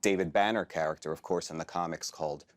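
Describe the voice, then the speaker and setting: A man speaking in a measured, pedantic, formal way, deadpan in casual on-camera chat. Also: low voice. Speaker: comedy show staff member.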